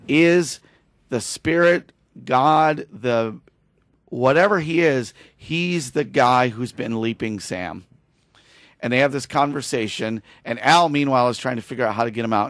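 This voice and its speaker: A man's voice: mid-range voice, no room sound. Dry-voiced man retelling a story. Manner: animated storyteller, acts out dialogue, gets emotional. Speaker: podcast host. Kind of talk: casual chat, retelling a TV finale.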